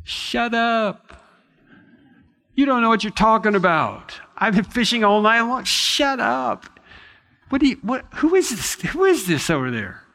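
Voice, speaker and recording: A man voicing an exasperated fisherman who snaps at a stranger on the shore, his voice pushed up higher. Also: big pitch swings, measured pace, sharp tone, full character voice. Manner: snapping, indignant, raised pitch. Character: exasperated fisherman, adult male, impatient after a fruitless night.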